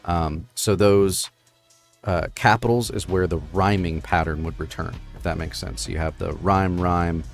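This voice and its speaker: A man's voice: low voice, fairly even intonation, a little slow, creaky, faint music behind. A man hosting a live stream, explaining poetry forms in a casual, rambling way full of fillers. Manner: rambling with many fillers and "right?". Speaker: streamer host.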